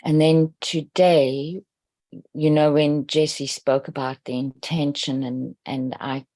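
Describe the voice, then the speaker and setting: A woman reading a heartfelt note to a group in a gentle, earnest way. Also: deep voice, fairly even intonation, slow, dry recording. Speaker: group participant.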